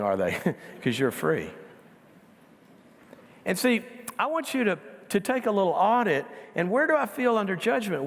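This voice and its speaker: Middle-aged male preacher, gravelly, slightly high voice, chatty sermon with self-amused chuckles, big hall reverb. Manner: conversational, laughs at own jokes. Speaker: guest speaker. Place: large church auditorium.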